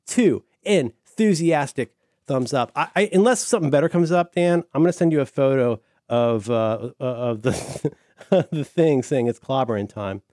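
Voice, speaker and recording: A man's voice: mid-range voice, lively intonation, normal speed, a little mellow, no echo, clean studio sound. A middle-aged man chatting casually as a podcast co-host, enthusiastic and rambling, full of fillers and restarts. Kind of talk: casual chat.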